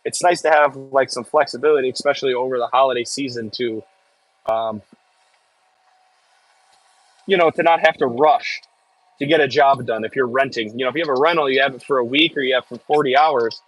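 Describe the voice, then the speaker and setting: Brisk and mid-range with a fairly bright tone, this man's voice comes through a dry, rough recording. A farm worker from the American Midwest, he streams live from an excavator in a Midwestern accent, reading comments aloud and adding jokey asides.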